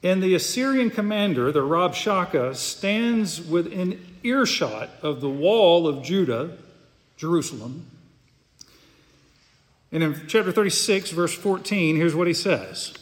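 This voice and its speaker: A man's voice: a little high, animated, unhurried. A pastor preaching an earnest, emphatic sermon, often repeating words as he goes. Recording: long hall reverb.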